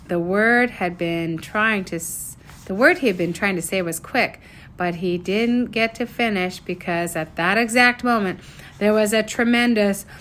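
Expressive woman narrating a story. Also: mid-range voice, a little hiss or hum. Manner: animated, expressive reading.

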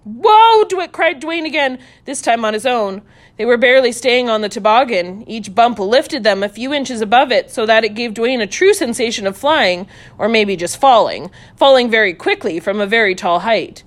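Woman storyteller, fairly high voice, reads a children's tale with playful, animated sound effects. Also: normal speed.

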